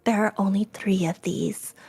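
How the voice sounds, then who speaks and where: A woman's voice: mid-range voice, steady tone, normal speed, creaky, warm tone, slightly rough. A woman voicing a giddy, teasing young bride-to-be in a storybook reading. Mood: gushing. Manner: gushing, teasing.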